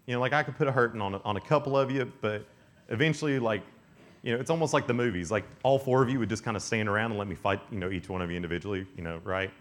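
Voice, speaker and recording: A man's voice: fairly low pitch, rapid-fire. A young man preaching a youth camp sermon, telling stories with acted-out voices and frequent laughter. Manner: animated storytelling, acts out voices, laughs often. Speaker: youth speaker.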